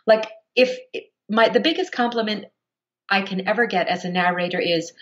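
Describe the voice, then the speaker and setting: A woman audiobook narrator, a guest on a podcast, explaining her craft at length with expressive, shifting emphasis. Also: mid-range voice, moderate pace, highs cut off, a little hiss or hum. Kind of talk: podcast interview answer.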